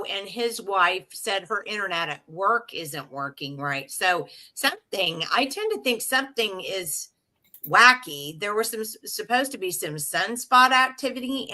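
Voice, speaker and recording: A woman with a bright, forceful voice co-hosts a chat over a video call. She talks in a chatty way and passes along questions from viewers. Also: medium pitch. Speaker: co-host.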